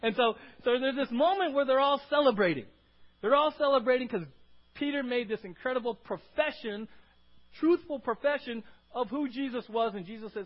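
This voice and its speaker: Animated high-voiced male preacher. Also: normal speed, dull audio. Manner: animated, acts out scenes, frequent restarts. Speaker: pastor. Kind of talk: sermon.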